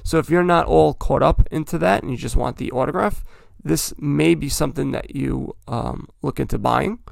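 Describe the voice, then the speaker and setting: A man hosts his podcast in a loose, rambling way, often stopping to correct himself. His voice is gravelly and sits a little high for a man. The sound is dry and close, with almost no room around it. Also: normal speed, no room sound. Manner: rambling, chatty, self-correcting. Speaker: podcast host. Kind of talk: casual hobby talk.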